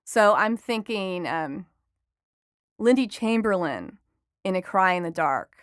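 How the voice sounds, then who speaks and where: A young adult woman talking on a podcast as a reporter guest, chatty and lively in her asides. Her voice is smooth and clear, at a medium pitch, and the recording is dry and close. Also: no echo. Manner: chatty and enthusiastic, quick asides with laughter. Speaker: entertainment reporter and author guest. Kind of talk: podcast interview.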